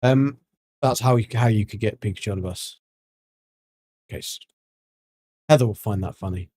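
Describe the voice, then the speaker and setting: A man's voice: on the low side, moderate pace, dark tone, no echo, clean studio sound. A man chatting casually on a gaming livestream, rambling with many ums and restarts. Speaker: livestreaming gamer.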